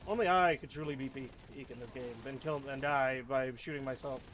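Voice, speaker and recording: A man giving casual let's-play commentary, swearing at enemies and whining about his play in loud, repetitive outbursts. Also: medium pitch, brisk, slight background noise. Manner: profane, whiny trash talk at enemies; excitable outbursts and repeated phrases. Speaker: gamer.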